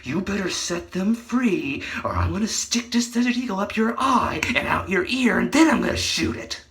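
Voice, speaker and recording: A man's voice: high-pitched, big pitch swings, moderate pace, vocal fry, voice pushed up, full character voice. A man voicing a brash male action-hero cop who talks in a blunt, threatening way.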